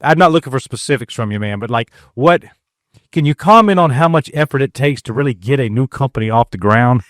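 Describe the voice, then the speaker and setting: A man's voice: medium pitch, lively intonation, brisk, fairly bright tone, no echo, clean studio sound. A man hosting a casual podcast interview, asking conversational questions with short affirming replies. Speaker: podcast host.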